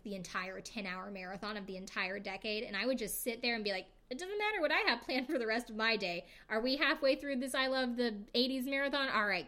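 A woman's voice: medium pitch, fairly bright tone. Chatty young woman podcast host. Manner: chatty, filler-heavy, jokey asides. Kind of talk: casual recap podcast.

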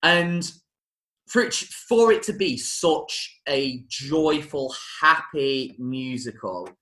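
A man's voice: medium pitch, expressive, slow pace, bright, forceful tone, reverberant. A man hosting a casual chat about a film musical, talking enthusiastically with frequent restarts and self-corrections. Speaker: podcast host reviewing a film musical.

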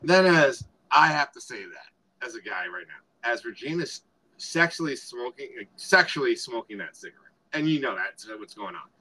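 Male co-host, bright and rambling, casual retelling of film scenes. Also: mid-range voice, big pitch swings, moderate pace, rough recording. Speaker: podcast co-host. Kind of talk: casual movie review chat.

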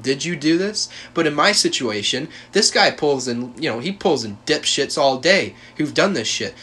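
A man's voice: fairly high pitch, lively intonation, normal speed, hardly any pauses, sharp tone, husky. A young man hosting a podcast, telling a personal story in a heated, profane, emphatic way, with many restarts and repeated words. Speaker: podcast host.

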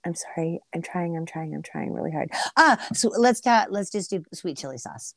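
Middle-aged woman rambling on in a podcast chat, lowish voice, dry close mic. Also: moderate pace, no echo. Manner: chatty, rambling, animated storyteller. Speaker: podcast co-host. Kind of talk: casual chat.

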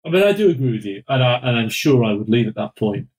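A man's voice: medium pitch, sing-song, quick pace, darkish tone, rough recording. A man co-hosting a casual business talk show, teasing his partner with hypothetical scenarios. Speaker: podcast co-host, recruiter. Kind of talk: casual chat.

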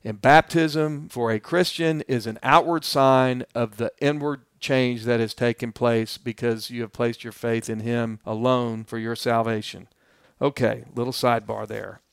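Smooth-voiced earnest male pastor. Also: medium pitch, fairly even intonation, a little slow, dry recording, clean studio sound. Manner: earnest, addresses listeners directly; plainspoken and explanatory. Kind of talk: verse-by-verse Bible teaching.

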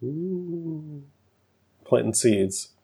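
Laid-back male podcast co-host, slow and husky. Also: on the high side, expressive, dark tone. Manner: laid-back, laughs often. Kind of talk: casual chat.

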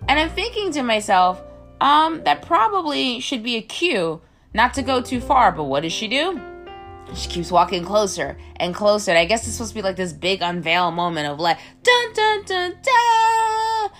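A woman's voice: expressive, moderate pace, fairly bright tone, faint music behind. A woman casually reviewing a film, incredulous and rambling, filling her talk with "like" and squealing the characters' lines. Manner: incredulous, rambling, heavy use of "like"; acts out characters' lines in squealing high voices. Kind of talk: casual movie review rant.

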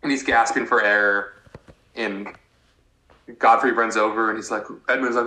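A man's voice: on the low side, steady tone, normal speed, pauses often, sharp tone, slight background noise. Laid-back young man recapping a show. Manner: laid-back, lots of "like" fillers, acts out characters' lines. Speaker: podcast co-host. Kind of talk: casual recap chat. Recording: echoey room.

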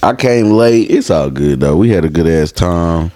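A man's voice: sits low, animated, moderate pace, dark tone. A man co-hosting a podcast, telling stories in loose casual chat full of crude slang. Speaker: podcast co-host.

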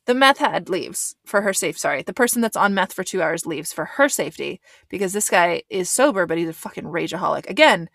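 A woman's voice: lowish voice, expressive, a little fast, gravelly, hardly any pauses, fairly bright tone, no echo. A woman giving a casual recap commentary of a reality show, blunt and swearing, with lots of fillers. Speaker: reaction commentator.

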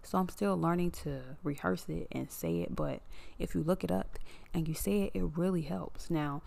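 A woman's voice: on the low side, moderate pace, vocal fry, a little mellow. A woman hosting her own podcast, talking casually about boundaries and healing, repeating phrases for emphasis and sometimes dropping to a whisper. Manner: frank, curses casually. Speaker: podcast host. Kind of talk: casual spiritual monologue.

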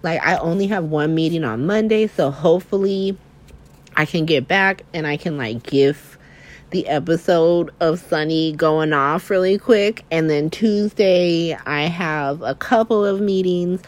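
A young woman in casual chat, recapping soap opera episodes in a chatty, animated way, full of fillers and swearing. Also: low voice, measured pace. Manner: chatty, filler-heavy, profane, animated retelling.

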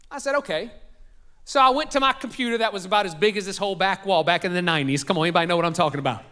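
Animated high-voiced Southern pastor. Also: male voice, fast talker, smooth. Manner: animated, jokes with the congregation. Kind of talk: sermon storytelling. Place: church sanctuary.

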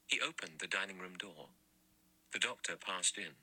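A man reading a mystery audiobook in measured, even narration. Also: low-pitched, husky, rough recording. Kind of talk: scripted narration.

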